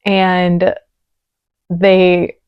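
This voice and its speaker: A woman's voice: on the low side, monotone, very slow, clear, resonant tone, no room sound, dull audio. A woman hosting a reaction video, talking casually and emotionally with lots of "like" fillers, close to the mic. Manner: chatty, gushing, many "like" fillers. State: emotional, choked up.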